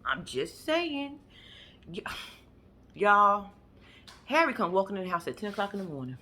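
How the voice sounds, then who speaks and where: A woman, casually recapping a reality show, animated and profane, acting out quotes and laughing often. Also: mid-range voice, measured pace.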